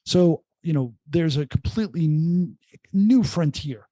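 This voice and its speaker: Middle-aged male entrepreneur guest, lively raconteur with quips, slightly high voice, dry sound. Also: measured pace, no echo. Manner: animated storyteller, jokey asides. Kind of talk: casual podcast interview. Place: remote call.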